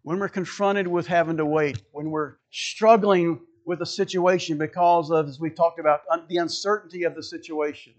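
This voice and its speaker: A man's voice: a little high, fairly even intonation, normal speed, hardly any pauses. A male pastor preaching a sermon, emphatic and conversational, repeating key phrases for stress and turning to the congregation with asides.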